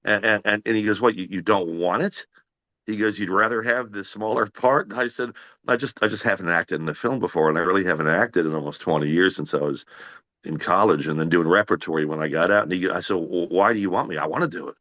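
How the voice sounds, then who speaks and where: Deep-voiced man telling stammering anecdotes. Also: fast, lo-fi sound. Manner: animated anecdotes, acts out others' lines, frequent stammered restarts. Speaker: actor guest. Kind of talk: casual interview storytelling.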